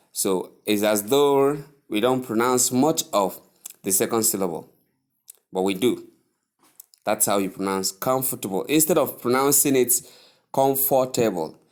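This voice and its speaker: A man teaching English pronunciation, repeating each word slowly and carefully and stressing its syllables. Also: on the low side, darkish tone. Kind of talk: slow, deliberate pronunciation lesson.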